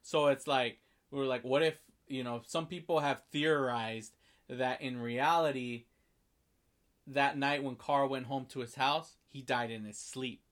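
A man in casual chat, animatedly retelling a film scene by scene and acting out the characters' lines, with swearing. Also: unhurried. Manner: animated storyteller, acts out lines with big jumps in pitch and loudness, swears.

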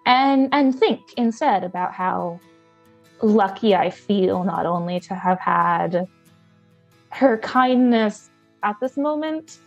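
A woman in her twenties telling a personal story in a lively, expressive, self-mocking way. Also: mid-range voice, slow pace, vocal fry, muffled recording, faint music behind.

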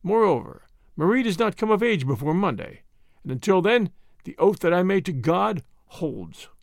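A man's voice: high-pitched, big pitch swings, moderate pace, creaky, no echo, clean studio sound, heavily acted. A man voicing a stubborn, sullen Boer father who speaks sulkily and flares into anger. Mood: sulky. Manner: sulky and stubborn.

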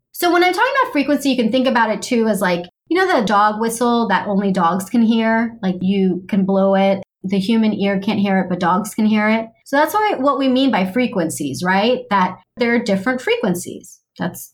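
A woman hosting a casual solo talk, chatty and animated, acting out little quoted reactions as she explains. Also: a little high. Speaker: podcast host.

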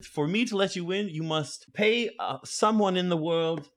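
Owl keeper: high, slow, hooting old male owl, playful and grand, from a tabletop game, voiced by a man. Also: a bit bright. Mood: solemn. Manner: hooting, drawn-out, playful gatekeeper. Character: big old male owl guarding a common room.

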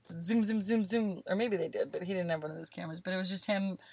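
A woman co-hosting a casual chat, telling long rambling stories that get animated as she goes. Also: fairly low pitch, very fast, creaky, slight background noise.

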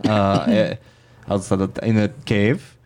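Low, slow-talking game master. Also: male voice, level tone, very noisy. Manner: unhurried, searching for words. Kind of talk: tabletop role-play narration.

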